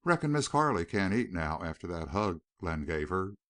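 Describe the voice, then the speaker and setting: A man's voice: sits low, very animated, moderate pace, fairly bright tone, dry recording, studio quality. A man doing a drawling old rancher. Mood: jovial. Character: older male Western rancher, drawling and jovial.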